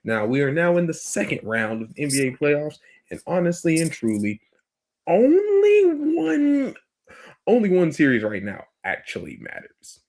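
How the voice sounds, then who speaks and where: A man's voice: mid-range voice, very animated, normal speed, few pauses. A man hosting a podcast, talking bluntly in casual opinion chat and swearing freely. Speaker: podcast host.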